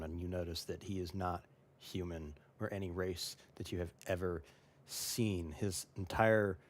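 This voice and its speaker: A man narrating as game master of a tabletop role-playing game, relaxed and halting, with many fillers. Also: low-pitched, slight background noise.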